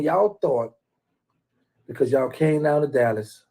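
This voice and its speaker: A man rambles through a casual live stream, ribbing rival fans and shouting out viewers one by one. His voice is gravelly with fry, a bit husky and rough around the edges, sitting at an ordinary pitch. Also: animated, measured pace. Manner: teasing, rambling, trash-talking, shouts out viewers.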